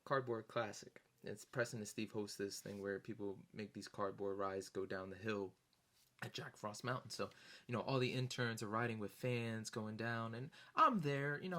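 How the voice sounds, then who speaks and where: A young man casually telling a long story, rambling with lots of fillers and jumping into high-pitched voices to act out other people. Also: normal speed, sharp tone. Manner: rambling, lots of "you know" and "like". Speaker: vlogger recounting concert memories.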